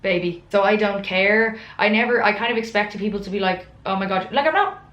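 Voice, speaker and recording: A woman's voice: medium pitch, a little fast, a bit bright, highs cut off. A young Irish woman in her twenties chatting casually and frankly to camera in a Q&A vlog, poking fun at herself. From Ireland. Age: 20s. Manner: chatty, frank, self-mocking. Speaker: vlogger. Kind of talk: casual Q&A chat. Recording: roomy echo.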